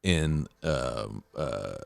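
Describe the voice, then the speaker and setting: A middle-aged man hosting a podcast, telling animated stories in casual chat and swearing freely. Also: rumbling low, extremely slow, creaky, no room sound, clean studio sound. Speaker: podcast host.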